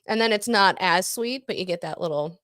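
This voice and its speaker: A woman co-hosting a casual podcast, chatty and quick to laugh. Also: mid-range voice, a bit bright, no echo, studio quality. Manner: giggly, chatty, laughs often. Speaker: podcast co-host. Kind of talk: casual chat.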